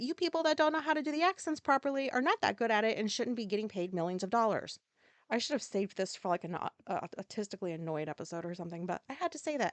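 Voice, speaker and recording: A woman with a fairly high voice talks alone on her podcast, wandering from point to point and stacking up filler words. She is blunt and swears freely. The sound is close and dry, with no room around it. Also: no echo. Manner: rambling, blunt and profane; casual, lots of filler words. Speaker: podcast host. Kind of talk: solo podcast monologue.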